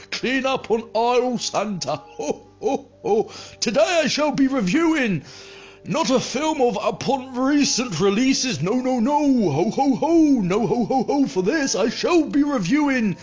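A man's voice: lively intonation, a little mellow, slightly rough, dull audio, exaggerated voice. A man voicing a jolly, crude Father Christmas, laughing ho-ho-ho and drawing out his words theatrically. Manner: booming ho-ho laughter, drawn-out theatrical delivery.

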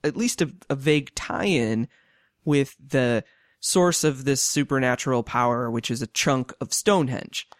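A man's voice: medium pitch, a little slow, no echo, studio quality. A man co-hosting a podcast, chatting casually about a film, often restarting his sentences and laughing along. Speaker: podcast co-host.

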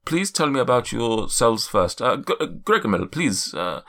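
A man voicing a polite male cloud giant in a tabletop game, speaking in a halting mock accent that drifts toward South African and ending lines with "yes?". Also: mid-range voice, very animated, a bit bright. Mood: courteous. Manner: halting, tags sentences with "yes?".

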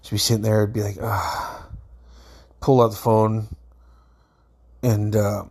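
A man's voice: lowish voice, little pitch movement, moderate pace, darkish tone, breathy edge. A man in his thirties from Alaska, telling a casual, rambling story with lots of fillers and swearing. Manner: rambling, laid-back, frequent fillers and swearing.

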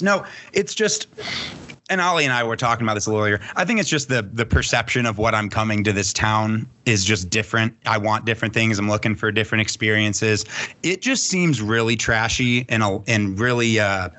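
A man co-hosting a casual sports betting podcast, talking excitedly and swearing, often laughing. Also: lowish voice, brisk. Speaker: podcast co-host.

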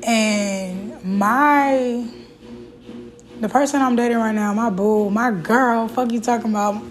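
A woman's voice: a little high, steady tone, slow, soft background music, poor audio. A woman hosting her own show, talking openly and with feeling about her life, with frequent fillers and restarts. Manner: candid and emotional, with fillers and restarts. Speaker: podcast host. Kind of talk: casual personal talk.

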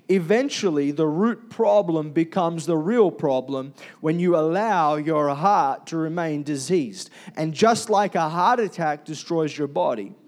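A man's voice: fairly high pitch, a little mellow. A man preaching a Sunday sermon as pastor, chatty and conversational, asking the congregation questions and calling for amens. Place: church.

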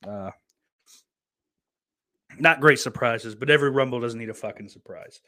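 A man's voice: medium pitch, moderate pace, pushed and bright, no room sound. A man hosting a livestream who swears freely, rambles in a casual way and reads viewer comments aloud. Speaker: livestream host reading chat. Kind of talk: casual chat. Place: indoors, at home.

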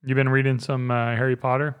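A man's voice: medium pitch, little pitch movement, fairly quick, smooth, phone-quality sound. A man in his thirties hosting a casual podcast, rambling with lots of fillers and easy laughs. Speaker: podcast host.

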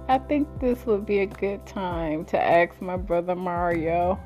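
A woman's voice: lively intonation, a little slow, few pauses, darkish tone, dull audio. Giggly woman telling stories on her vlog, chatty, lots of fillers, faint music behind. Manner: laughs often, with high giggles while telling stories; chatty and colloquial, with many fillers. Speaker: storyteller hosting her own series. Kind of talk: casual personal storytelling.

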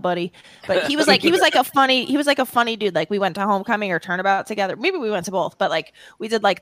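A woman's voice: mid-range voice, a bit bright, dry recording. A woman guesting on a podcast, chatting animatedly, laughing often and filling with "like". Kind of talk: casual podcast chat.

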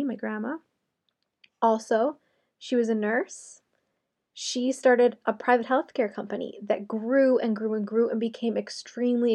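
A woman's voice: fairly high pitch, darkish tone. A young adult woman giving a motivational solo talk, conversational with sarcastic asides and light laughs.

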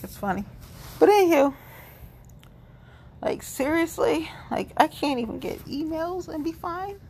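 A woman's voice: on the low side, gravelly, slight background noise. A woman in her forties giving a rambling, blunt and profane monologue to camera. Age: 40s. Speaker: vlogger. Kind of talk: candid monologue.

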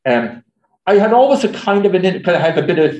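An Irish journalist and speaker answers audience questions at a talk, chatty and anecdotal with many fillers, in a high-sitting, very animated voice with a darkish tone. He talks quickly, and the recording is muffled with a roomy echo.

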